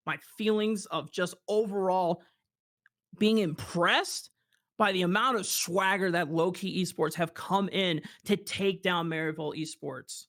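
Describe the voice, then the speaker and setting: Male esports play-by-play caster, high bright voice, excitable. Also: unhurried. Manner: excited, shouting during fights. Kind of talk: play-by-play commentary.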